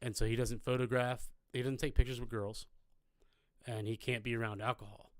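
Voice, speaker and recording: A man's voice: medium pitch, level tone, brisk, no room sound, studio quality. A man co-hosting a live podcast, telling loose, rambling stories full of swearing in casual chat. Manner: loose, rambling storyteller with lots of profanity. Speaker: podcast co-host.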